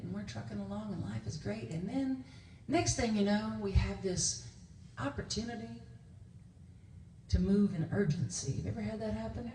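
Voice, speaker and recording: Her voice is medium-pitched and a little mellow, with a moderate pace. As a visiting minister in a church sanctuary, she gives a conversational sermon of anecdotes, laughter, and quoted speech, recorded distantly in echoey surroundings with slight background noise.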